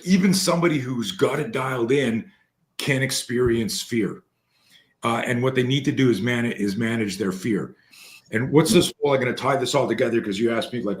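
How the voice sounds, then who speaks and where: A man, a guest fear-management trainer, telling long anecdotes in casual talk with many restarts and fillers. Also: medium pitch. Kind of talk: casual storytelling.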